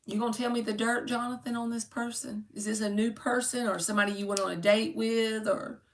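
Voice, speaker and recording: A woman's voice: fairly high pitch, fairly even intonation, brisk, recorded from a distance. A woman doing a chatty, joking tarot reading for her viewers, calling them by name. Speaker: tarot reader. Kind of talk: casual live-stream tarot reading. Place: home room.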